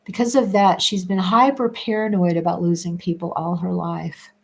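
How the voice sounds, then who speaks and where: A woman hosting a casual chat, reading viewer comments aloud and musing with frequent restarts and soft laughs. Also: fairly low pitch, steady tone, moderate pace, vocal fry. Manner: rambling, restarts often, laughs between thoughts.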